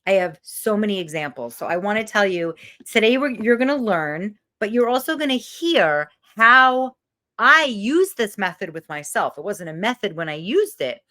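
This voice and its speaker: A middle-aged woman, a confidence coach, leading a live online masterclass in an emphatic, sassy, animated way. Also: medium pitch, moderate pace.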